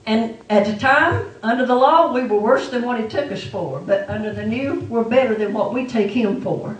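A woman preaches to her congregation, pressing her points home through repetition. Her voice sits a little high for a woman. She is picked up from some distance in an echoey church. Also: normal speed. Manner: testifying preacher, emphatic and repetitive. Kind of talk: sermon. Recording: echoey room, mic far off.

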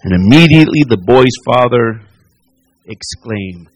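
A pastor delivering a sermon and altar call, repeating phrases and rising to near-shouts as he preaches. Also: mid-range voice, unhurried, no room sound.

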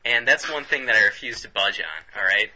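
Rambling, husky-voiced podcast guy. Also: fairly low pitch, lively intonation, a little fast, bright, forceful tone, lo-fi sound. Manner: rambling, laughs often, many restarts. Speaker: podcast co-host. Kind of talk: casual comedic banter.

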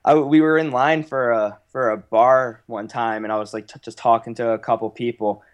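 A man's voice: mid-range voice, fairly even intonation, moderate pace. A young American man with a Philadelphia accent, a podcast guest rambling in casual chat and poking fun at himself. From United States. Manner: self-deprecating, rambling.

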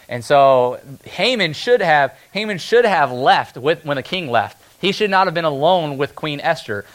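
A male pastor giving a conversational sermon, easygoing and chatty. He often breaks into brief acted-out voices to make a point. His voice sits a little higher than most men's. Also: expressive, fairly bright tone. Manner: conversational, acts out characters in quick asides.

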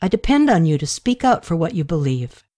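A woman's voice: on the low side, big pitch swings, a little fast, dark tone, no room sound, studio quality. A woman reading the part of a young woman hailed as a goddess, asking pointed, exasperated questions in an audiobook. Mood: indignant.

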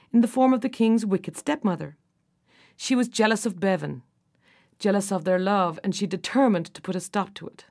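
Expressive woman reading a fairy tale. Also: medium pitch. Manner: expressive, rises and falls with the drama. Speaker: storybook narrator. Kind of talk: scripted narration of a fairy tale.

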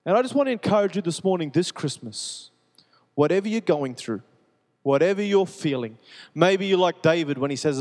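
A man preaching a sermon, earnest and repetitive, moving between soft and urgent passages. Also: a little high. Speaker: pastor. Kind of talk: sermon with personal testimony. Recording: long reverb of a large hall.

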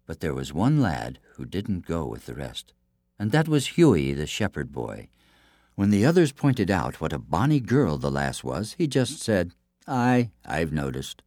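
Expressive man telling a folk tale. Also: deep voice, moderate pace, no room sound, clean studio sound. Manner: expressive, hushed asides. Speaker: storyteller.

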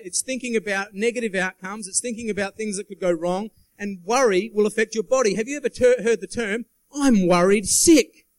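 A man's voice: high voice, no room sound, low-quality recording. A man preaching a sermon in a church, earnest and emphatic, calling out to the congregation. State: sweating. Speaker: guest preacher.

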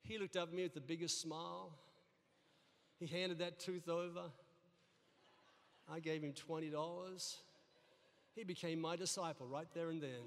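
Preaching in a church sanctuary, this middle-aged pastor speaks in a high, slightly bright voice over a little background noise. His sermon is full of humorous folksy tales and repeated words, all carried by the hall's long reverb.

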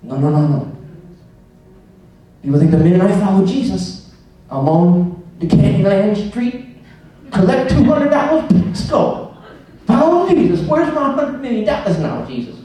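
A man preaching a sermon, acting out dialogues and swinging from hushed asides to shouts. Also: sits high, very animated, a little slow, long pauses, heavy reverb, far from the mic, low-quality recording. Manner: dramatic, acts out dialogues, swings from soft to shouting.

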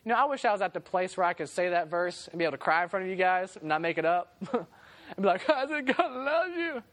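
A young man with a high voice speaks quickly, preaching to a youth group in a casual storytelling style. He's animated, laughs often, and acts out the voices of people in his story.

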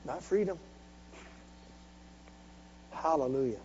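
A male preacher delivering a sermon, calling on the congregation to answer back. He drops to near-murmurs, then builds to loud, driving exhortation in a fairly high voice. The recording sounds dull and lo-fi, with a faint hum underneath. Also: animated, slow. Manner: swings from soft, intimate asides to loud, driving exhortation. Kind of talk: sermon with call-and-response.

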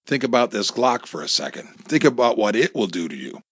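Man doing a cruel armed thug, bullying, barking orders, husky. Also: medium pitch, big pitch swings, brisk, fairly bright tone, no room sound, studio quality, heavily acted. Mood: threatening. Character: menacing armed male thug, bossy, cruel.

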